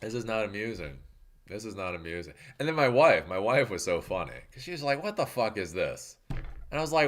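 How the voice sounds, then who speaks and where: A man streaming a casual rant, laughing often and jumping into loud mocking voices as he answers chat. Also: lowish voice, very animated, fairly quick, slight background noise. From New Zealand.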